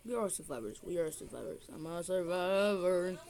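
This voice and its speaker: In a phone screen recording, an older woman teases her family playfully during a game, her voice on the low side, expressive, and darkish in tone. She keeps a moderate pace throughout this casual gameplay commentary.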